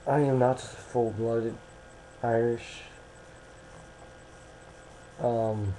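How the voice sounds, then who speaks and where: Young man, webcam monologue, hesitant restarts, dark warm tone, low-ish pitch. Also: little pitch movement, takes it slowly, pauses often, slight background noise, low-quality recording. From United States. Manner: rambling, hesitant, many restarts.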